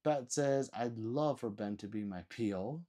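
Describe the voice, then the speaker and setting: A man's voice: medium pitch, measured pace, mellow. A sleepy man live-streaming, ranting with lots of swearing and mocking, then reading chat messages aloud.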